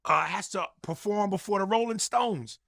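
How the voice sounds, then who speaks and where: A man's voice: high voice, normal speed, gravelly, fairly bright tone, no echo, clean studio sound. A man in casual debate, talking emphatically and profanely and mimicking the way others speak.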